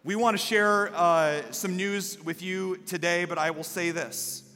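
A male pastor delivers a sermon live in a church sanctuary, his bright, somewhat high voice ringing through a long hall reverb. He shifts from telling a story to rising, impassioned exhortation. Soft music sits faintly underneath. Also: steady tone, unhurried. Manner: storytelling that builds to loud, impassioned preaching.

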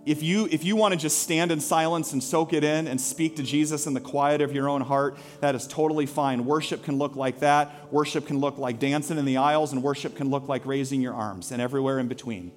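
A pastor with a slightly high voice preaches to his congregation in a sanctuary. He tells his story earnestly and builds to rousing calls to worship. Soft music plays faintly beneath him. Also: fairly even intonation, a little fast, few pauses. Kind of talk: sermon. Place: church sanctuary.

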